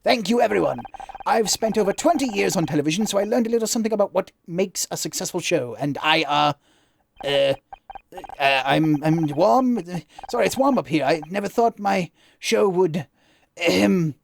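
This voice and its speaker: A man's voice: sits high, normal speed, gravelly. A man voicing a drunk, flustered middle-aged male TV host who stammers and rambles. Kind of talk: voicing a game character.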